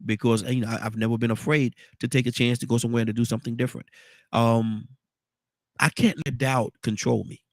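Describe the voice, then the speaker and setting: A man's voice: medium pitch, flat delivery, fairly quick, vocal fry, no echo. A man hosting a casual morning talk show, congested and rambling, often repeating words. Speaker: radio talk show host.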